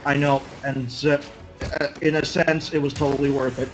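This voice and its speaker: A man chatting casually on a group call from outdoors on a porch, halting with many restarts. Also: medium pitch, flat delivery, music in the background, poor audio. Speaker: podcast panelist.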